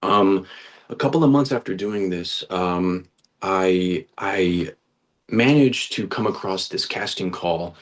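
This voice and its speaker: Low-voiced young man, chatty and earnest. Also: slow. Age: young adult. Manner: chatty and earnest, many restarts, slangy with "dude" and "bro". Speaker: guest, actor. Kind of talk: casual interview storytelling.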